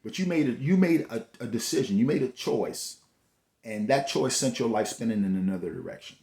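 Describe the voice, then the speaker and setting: A man's voice: mid-range voice, lively intonation, a little fast, mellow. A man giving a motivational talk, preachy and repetitive, full of rhetorical questions. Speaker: host. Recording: echoey room.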